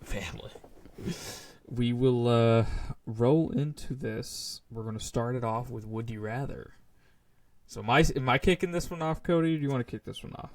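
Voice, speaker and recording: A laid-back young man co-hosting a podcast in casual chat. His voice sits at an ordinary middle pitch, and he laughs easily and loses his thread with fillers. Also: normal speed. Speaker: podcast co-host.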